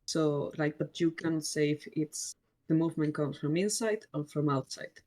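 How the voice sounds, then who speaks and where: A woman's voice: low voice, normal speed, mellow. A woman narrating as game master in a tabletop game, hesitant and searching for words, often giggling.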